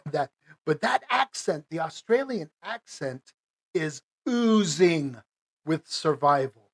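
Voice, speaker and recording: A man's voice: on the high side, expressive, slow pace. Rambling, chatty podcast host man. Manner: rambling, chatty, many fillers and restarts; chuckles between phrases. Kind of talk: casual solo podcast monologue.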